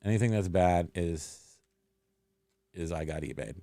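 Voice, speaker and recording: A man's voice: mid-range voice, expressive, normal speed, clean tone. A man chats loosely on his livestream, wandering between topics and answering viewers' comments. His voice sits in an ordinary middle range. The sound is dry and close, with no room echo. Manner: rambling, reads viewer comments aloud. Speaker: livestream host. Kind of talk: casual chat.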